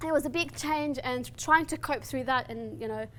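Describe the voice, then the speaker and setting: A woman's voice: high voice, moderate pace, a bit bright, a little hiss or hum. A young woman from Afghanistan, a guest speaker and human rights advocate, giving an earnest spoken-word poem and then talking personally about her life at a community meetup. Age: young adult. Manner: earnest and heartfelt.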